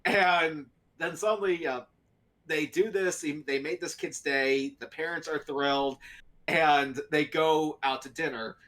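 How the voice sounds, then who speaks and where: A man's voice: a little high, steady tone, measured pace, fairly bright tone. Brief: young male podcast co-host, rambling storyteller, full of fillers, laughs often. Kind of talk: casual storytelling chat.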